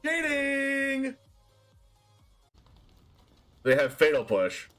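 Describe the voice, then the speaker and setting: Hyped young guy streaming a card game, really high voice that jumps around, faint music behind. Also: very slow. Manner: excitable, yelps and laughs, frequent shouting. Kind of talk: live gameplay commentary.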